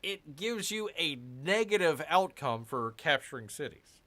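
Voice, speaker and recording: A gaming channel host narrates his strategy game session in what sounds like casual commentary recorded at home. His fairly high voice is bright and forward, with a lively, swooping delivery at a measured pace, and he grumbles and tosses sarcastic asides to his viewers.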